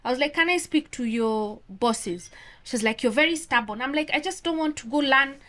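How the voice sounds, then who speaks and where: A woman from Kenya tells her story as a podcast guest, her voice a little higher than most. She talks in a casual, animated way and acts out the lines of the people in her story. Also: moderate pace. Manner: animated, acts out quoted dialogue. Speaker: guest, orthodontist.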